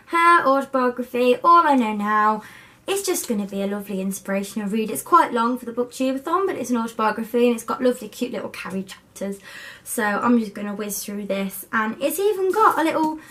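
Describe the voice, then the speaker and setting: A young adult woman with a slightly high voice chats excitedly to a camera she set up herself in her student bedroom at her university home. She's a book vlogger, bubbly and overexcited in her casual talk.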